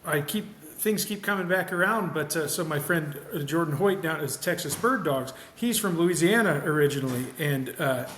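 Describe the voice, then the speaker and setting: Podcast host, man, higher-pitched voice, rambling and friendly, recorded in a reverberant room. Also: animated, normal speed, hardly any pauses, a bit bright, a little hiss or hum. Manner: friendly, rambling, with frequent restarts. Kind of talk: casual podcast interview. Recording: echoey room.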